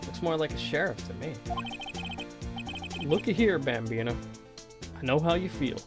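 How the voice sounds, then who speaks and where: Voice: mid-range voice, animated, normal speed, lightly acted. Drawling cowboy lawman, put on by a streamer reading a game, swaggering Wild West slang. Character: swaggering cowboy-talking male detective who thinks he's a sheriff. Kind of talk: reading a video game script aloud. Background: game music.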